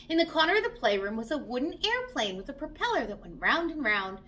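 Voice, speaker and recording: A woman reading a children's story aloud, in an animated, expressive way. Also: high voice, fast, slight background noise.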